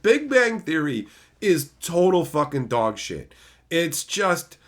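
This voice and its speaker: A man's voice: on the high side, sing-song, takes it slowly. A man streaming casually, reading chat aloud and ranting with a lot of profanity.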